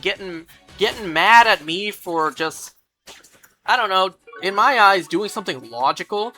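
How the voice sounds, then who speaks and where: A woman's voice: medium pitch, animated, measured pace, pushed and bright, soft background music. A woman streaming a game and chatting casually, venting in an exasperated way and swearing freely. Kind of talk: casual chat while gaming.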